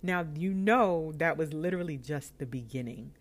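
New york woman in her 30s, low voice, chatty podcast storytelling, plays out the dialogue. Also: moderate pace. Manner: animated, acts out dialogue with laughs. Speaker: podcast host. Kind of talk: personal storytelling monologue.

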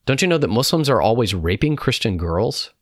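A man's voice: medium pitch, big pitch swings, fairly quick, no room sound, studio quality, pitched above the performer's own voice. A man voicing a blunt male army captain who lectures villagers in a raised, preachy voice, as part of a read-aloud story. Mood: menacing.

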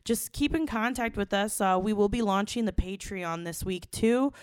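A woman's voice: medium pitch, normal speed, clear, resonant tone, no room sound. Profane young woman telling a story. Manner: blunt, profane, animated retelling. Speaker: podcast co-host. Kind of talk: casual comedic storytelling.

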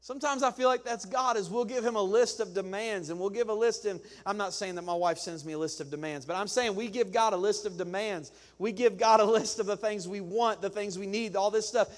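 Pastor, male, high voice, conversational sermon with playful acted quotes; reverberant sanctuary. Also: a little fast, hardly any pauses. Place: church sanctuary. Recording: long church reverb.

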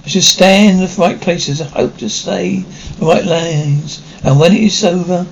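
An older actor playing a melancholy aging stage star in a 1950s television drama, talking in a wistful, theatrical way. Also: male voice, high-pitched, unhurried, highs cut off. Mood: weary, melancholy. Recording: faint hiss of an old TV soundtrack.

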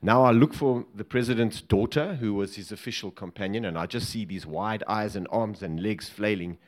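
A man's voice: fairly low pitch, normal speed. A man from Africa, a former bodyguard telling a humorous story to a live audience and laughing along with it. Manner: lively and humorous, laughing at his own story.

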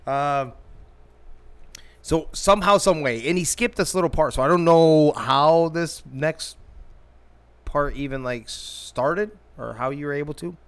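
A man's voice: fairly high pitch, a little slow, clean tone. A man casually telling a rambling, crude story to friends, often laughing and putting on the voices of the people in it. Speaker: storyteller in group chat.

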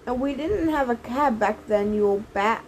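Woman putting on old hag taxi driver, shrill, cackling, quarrelsome, high voice, faint hiss behind. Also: animated, moderate pace, darkish tone, low-quality recording. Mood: shrill bickering.

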